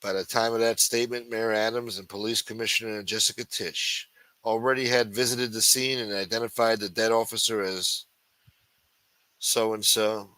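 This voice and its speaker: A man's voice: on the low side, little pitch movement, moderate pace, pushed and bright, dry recording, rough recording. A man hosting a late-night livestream show, reading news articles aloud and breaking off into profane, sarcastic rants.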